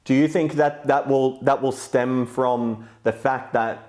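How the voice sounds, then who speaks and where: A man with a mid-pitched, ordinary voice co-hosts a casual podcast. He talks in a measured, thoughtful way and often pauses to hesitate. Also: steady tone, a little mellow. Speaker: podcast co-host.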